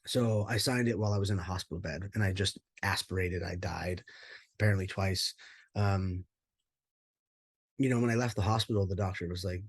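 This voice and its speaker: A man's voice: low-pitched, fairly quick, husky, no room sound. A man telling his life story in an interview, candid and rambling, with many fillers and casual swearing. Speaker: interview guest, former pro fighter.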